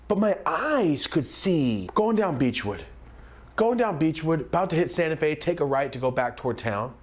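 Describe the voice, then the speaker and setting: A young man telling a comedic story time, animated and acting out the voices of the people in it. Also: mid-range voice. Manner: animated, acts out quoted voices.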